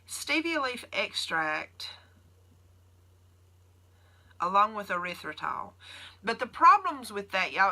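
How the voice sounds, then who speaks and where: A woman's voice: mid-range voice, pushed and bright. A woman with a Southern US accent, chatting casually on a livestream and answering viewer questions as a keto nurse.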